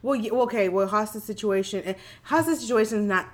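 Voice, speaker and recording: Woman, casual podcast co-host, mid-pitched, halting and restarting, quick to laugh. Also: a little hiss or hum. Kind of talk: casual chat.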